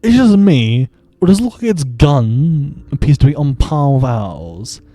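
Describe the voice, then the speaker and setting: A man's voice: medium pitch, big pitch swings, measured pace, warm tone, no echo, faint music behind. A man voicing a pompous older British naval officer who speaks in a stiff, formal, old-fashioned way. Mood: indignant.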